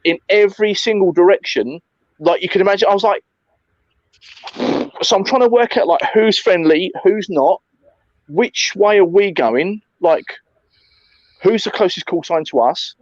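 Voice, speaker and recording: A man tells a night-game story in a lively, sweary chat, with a slightly higher voice than most men. The sound is dry and a little dull, recorded close with no room around it. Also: normal speed, long pauses, dry recording. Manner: animated, swearing, lots of fillers and "mate". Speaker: airsoft player recounting a game.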